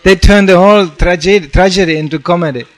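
A man's voice: high-pitched, fast, slight background noise. Storytelling man preaching a sermon. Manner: storytelling with acted-out quotes, frequent "you know". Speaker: monk preacher.

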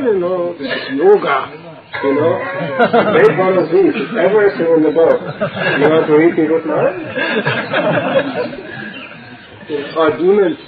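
A man giving an informal religious talk full of stories, often laughing and acting out dialogue. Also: medium pitch. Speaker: devotee speaker. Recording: echoey phone-like recording with audience.

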